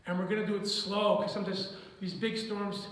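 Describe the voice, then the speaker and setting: A man with a hoarse, worn voice leads a children's song lesson in a gentle, playful way. His voice sits high and sounds far from the mic. A long echo fills the church hall around him. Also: level tone, fairly quick, a little hiss or hum. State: hoarse, recovering from illness. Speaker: children's ministry leader.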